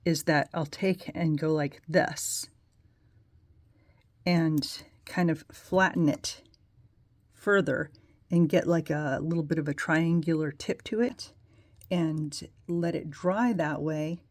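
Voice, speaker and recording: A woman with a lowish voice walks viewers through a nail polish how-to in a loose, chatty way. She rambles and pokes fun at her own wording. The sound is dry and close, with no room echo. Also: steady tone, slow, darkish tone. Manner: chatty, rambling, self-deprecating asides. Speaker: nail polish tutorial host. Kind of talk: casual how-to demonstration.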